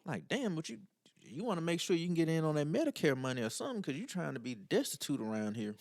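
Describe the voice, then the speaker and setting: A man's voice: on the high side, sing-song, fast, creaky, a little mellow, no echo, clean studio sound. A man co-hosting a casual podcast who reads a listener letter aloud and then chats bluntly in slang. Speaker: podcast co-host.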